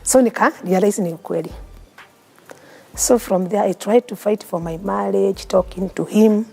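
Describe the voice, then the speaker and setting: A Kenyan woman telling her own story in an interview, earnest and heartfelt. Her voice is gravelly and husky, with a mellow, dark tone. Soft music plays faintly behind her. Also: mid-range voice, normal speed. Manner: mixes English and Swahili, earnest and heartfelt. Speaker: interview guest. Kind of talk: emotional personal storytelling.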